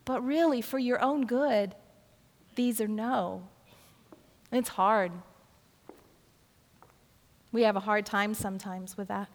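A woman's voice: medium pitch, fairly even intonation, slow, pauses often. An older woman preaching a sermon, telling a personal story and often repeating words as she restarts. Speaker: pastor. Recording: long reverb of a hall.

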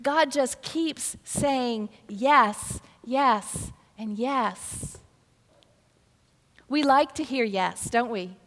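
A woman's voice: on the high side, extremely slow, a bit bright. An older woman preaching a sermon, telling a personal story and often repeating words as she restarts. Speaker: pastor. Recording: long reverb of a hall.

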